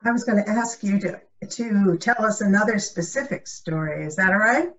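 A woman's voice: mid-range voice, moderate pace, a bit bright. A woman hosting an interview, asking her guest questions in a friendly, casual way with hesitant phrasing. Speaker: host and interviewer. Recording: distant, muffled lo-fi sound.

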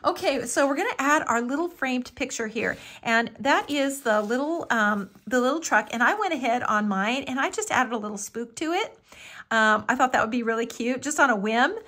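A woman with a slightly high voice leads a live papercraft tutorial. She chats along easily as she works, filling pauses with ums and calling everything little and cute. She sounds middle-aged. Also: expressive, pushed and bright. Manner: chatty and homey, fond of "little" and "so cute", with frequent ums. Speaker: craft tutorial host.

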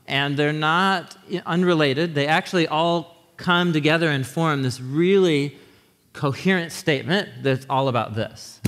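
A man preaching a sermon in a church, teaching in a conversational, animated way and often checking in with his listeners. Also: mid-range voice. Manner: animated teaching with frequent restarts. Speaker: pastor. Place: church sanctuary. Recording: long hall reverb.

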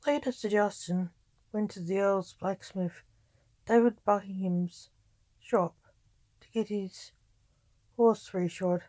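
A woman storyteller narrating her own tale in a calm, even reading voice. She reads slowly with a dark, mellow tone, and the recording is close and dry. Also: medium pitch, no echo.

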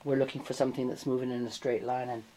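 A host with a mellow, dark-toned voice narrates a ghost hunt on the spot in a dark house at night. The talk rambles, thinking out loud between stops. A faint hum sits behind the voice. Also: medium pitch, little pitch movement, fast, poor audio. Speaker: host of a ghost-hunting video.

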